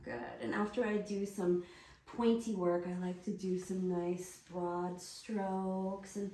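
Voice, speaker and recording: A woman instructor talks slowly and soothingly, coaching with gentle encouragement. Her voice sits at a middle pitch and carries a roomy echo. The mic is some distance away, with a faint hiss behind her. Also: little pitch movement. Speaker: workshop instructor. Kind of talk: guided hands-on instruction.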